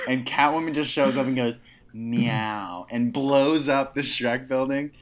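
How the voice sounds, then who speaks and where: A man co-hosting a podcast, chatting casually about a movie, swearing and laughing a lot. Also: medium pitch. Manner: profane, animated, laughing often. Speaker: podcast co-host.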